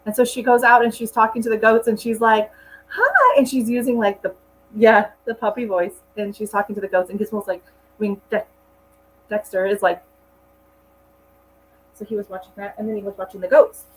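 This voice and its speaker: A middle-aged woman hosting a gardening live stream from home, talking in a loose, rambling way as she works. Her voice sits at an ordinary middle pitch, with a faint hum running underneath. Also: flat delivery, brisk, long pauses, rough recording. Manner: chatty and rambling, talks to her dog between tasks. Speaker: gardening channel host. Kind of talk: casual live-stream chat while potting plants. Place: at home indoors.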